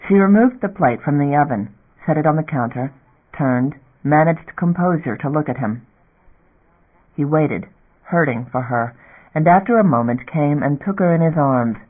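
A man's voice: fairly high pitch, lively intonation, moderate pace. Man narrating a novel, tinny sound. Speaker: audiobook narrator. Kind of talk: scripted narration. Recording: tinny phone-like audio.

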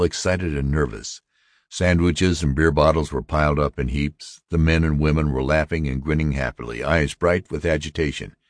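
A man reading a story aloud as narrator, measured and steady. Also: rumbling low, dry recording. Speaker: audiobook narrator. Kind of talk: scripted narration.

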